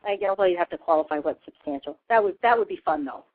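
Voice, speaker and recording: A woman guest in casual chat, telling an excited story and acting out the voices in it. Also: fairly low pitch, quick pace. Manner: enthusiastic storyteller, acts out voices. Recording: tinny phone-line audio.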